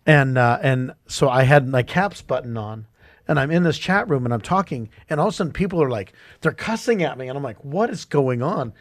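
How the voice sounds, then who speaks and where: A man's voice: mid-range voice, animated, brisk, no room sound. A man hosting a podcast discussion, telling stories in a conversational way. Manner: storytelling, conversational. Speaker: podcast host.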